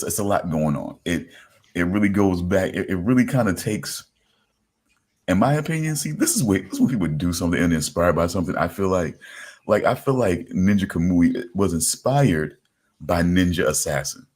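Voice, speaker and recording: A man's voice: deep voice, moderate pace, darkish tone, husky. A man hosting a casual podcast chat, rambling with lots of restarts and "you know what I'm saying". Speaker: podcast host.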